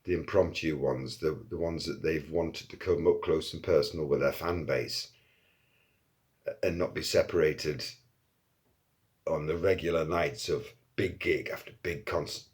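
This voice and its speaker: A man telling a casual anecdote in an animated way, swearing often and acting out quotes. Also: extremely low pitch, unhurried. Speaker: storyteller.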